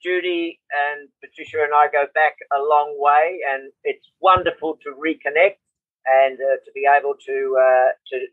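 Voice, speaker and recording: A man's voice: fairly high pitch, steady tone, moderate pace, no echo, narrow, tinny audio. A man with an Australian accent, a guest on a podcast, talking with some stumbles and easy laughter. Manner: warm, laughing, stumbles over words.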